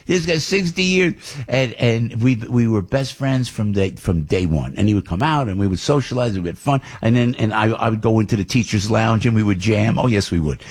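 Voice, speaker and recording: A man's voice: on the low side, animated, a little fast, darkish tone, slightly rough. An older man, a radio host telling a long rambling story with many restarts. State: under the weather.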